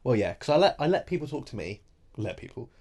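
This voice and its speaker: A man co-hosting a podcast in casual chat, relaxed, often laughing and pausing with ums. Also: mid-range voice, noisy background. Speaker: podcast co-host.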